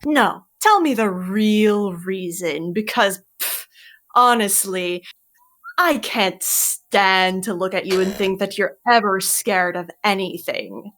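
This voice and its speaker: Slow-talking woman scolding in role-play. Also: mid-range voice, a bit bright, slight background noise. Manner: stern, profane scolding in character. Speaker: player voicing Curling. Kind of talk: tabletop role-play narration and dialogue.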